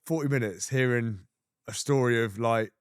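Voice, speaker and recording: A man's voice: medium pitch, normal speed, smooth, no room sound, studio quality. A man hosting a podcast, reflecting in casual conversation, often filling with "you know" and "like". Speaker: podcast host. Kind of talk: casual interview chat.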